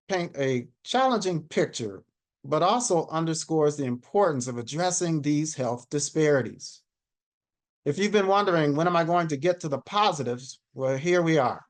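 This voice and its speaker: 60s guy on a video call going through slides, steady and measured, voice a bit on the high side. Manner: measured, reads statistics from slides. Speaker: panel speaker.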